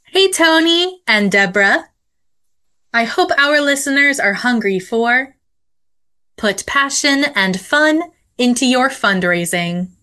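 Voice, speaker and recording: A woman's voice: a little high, lively intonation, slow pace, bright, forceful tone. A woman, the show's associate producer, reading a scripted segment intro in an upbeat way. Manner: upbeat, read-aloud delivery.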